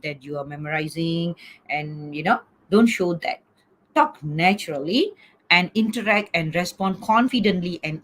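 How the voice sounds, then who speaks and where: A middle-aged woman teaching an online class over a video call, coaxing students and checking in with "okay?" after nearly every point. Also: fairly low pitch. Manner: repeats "okay?" often, coaxing. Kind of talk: online lecture.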